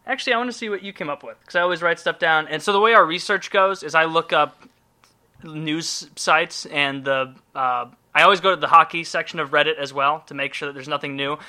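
A man in casual podcast chat with a bright, forceful tone. He jokes around and swears freely, laughing often as he rambles on. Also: on the high side, fairly even intonation, quick pace. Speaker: podcast co-host.

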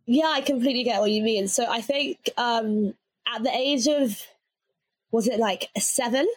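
Chatty young English woman, bright pitch. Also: moderate pace, breathy edge, dry recording. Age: young adult. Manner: chatty, laughs often, many fillers like "like". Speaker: interviewee. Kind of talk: casual interview chat.

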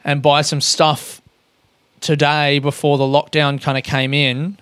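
An Australian man rambles through a casual solo monologue with a smooth, clear voice pitched a little high. He swears freely and keeps mocking himself as he talks. The sound is close and dry. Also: flat delivery, a little slow, a bit bright, dry recording.

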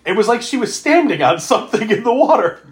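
A male podcast co-host recaps a movie in casual chat, his very high, sing-song voice moving fast. He laughs often, swears freely, and acts out the characters' lines.

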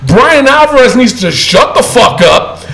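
A man's voice: very high voice, sing-song, unhurried, bright, forceful tone, poor audio. A man on a podcast, ranting in heated casual chat with lots of profanity and emphatic repetition. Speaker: co-host.

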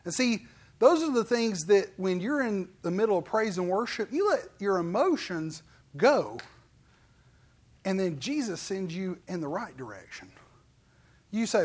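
A male pastor with a high-sitting voice gives a casual, folksy sermon. He is animated, tossing in playful asides and slipping into quick put-on voices.

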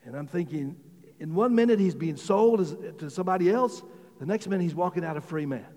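A man preaching a sermon as pastor, talking conversationally with many restarts and repeated words, and getting louder and higher when he exclaims. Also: expressive, fairly quick, big-room sound. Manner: rises in pitch and volume when exclaiming.

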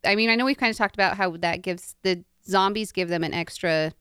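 Smooth-voiced woman host asking questions. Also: fairly low pitch, brisk, fairly bright tone, no echo, clean studio sound. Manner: steering the talk with questions. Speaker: podcast host. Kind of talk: casual book discussion.

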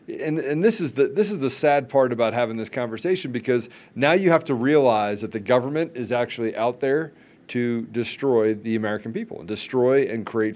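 A man's voice: mid-range voice, a little mellow. A man co-hosting a podcast, speaking with passion and repeating phrases for emphasis. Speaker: podcast co-host. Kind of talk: casual political podcast talk.

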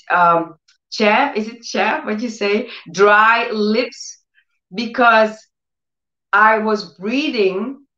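A woman giving an emotional sermon testimony. Her speech grows more intense as she moves into near-shouting proclamations. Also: medium pitch. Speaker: testimony speaker. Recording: echoey room, dull lo-fi sound.

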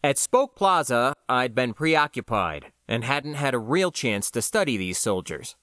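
A man narrating a science fiction audiobook in the first person, with an expressive storytelling delivery. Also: mid-range voice, a little slow, no room sound, clean studio sound.

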